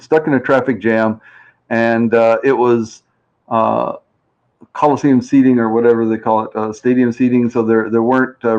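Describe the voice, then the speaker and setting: A man with a mid-range voice hosts a game show live stream, chatting casually and rambling as he reads viewer comments aloud and plays with pronunciations. The audio sounds dull.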